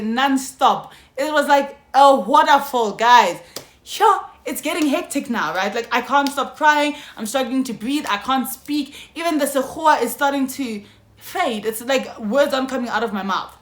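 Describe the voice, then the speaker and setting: Young woman, South African accent, slightly high voice, lively storytime vlog, roomy echo. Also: a little slow. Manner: animated, slangy, keeps addressing viewers. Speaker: YouTuber. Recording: echoey room.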